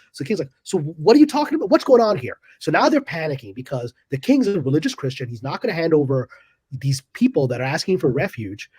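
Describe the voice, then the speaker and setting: Guy telling a history story all animated, kinda high voice that swings a lot, acts out the lines. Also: breathy edge, no room sound. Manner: acts out quotes with big pitch jumps. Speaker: guest storyteller.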